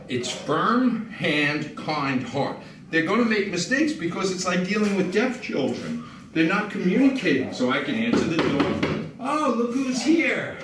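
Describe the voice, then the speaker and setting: A man working as a dog trainer, calmly explaining and demonstrating while giving short commands to dogs indoors at a house. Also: on the high side. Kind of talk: instructional demonstration. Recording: roomy, distant mic with background noise.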